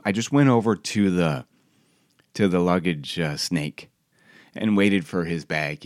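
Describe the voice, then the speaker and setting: A man's voice: low voice, unhurried, no room sound, studio quality. A man reading his own personal essay aloud in a wry, reflective, conversational way.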